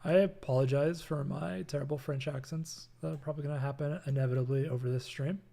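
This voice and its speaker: A young man hosts a casual live design stream from his apartment, chatting loosely and filling gaps with lots of fillers. His voice sits a bit high but sounds mellow and dark, with plenty of gravelly fry. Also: fairly even intonation, quick pace. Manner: loose and chatty, many fillers, reads chat aloud. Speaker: creative director hosting a design stream. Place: home apartment.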